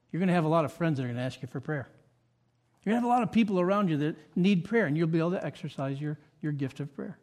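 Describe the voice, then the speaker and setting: A pastor delivering a sermon, moving between loud, emphatic points and quiet, reflective asides. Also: male voice, on the high side.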